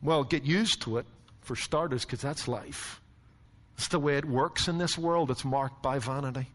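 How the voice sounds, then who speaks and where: A man preaching a sermon as a pastor, telling stories with animated rhetorical questions. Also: medium pitch, normal speed, long reverb tail.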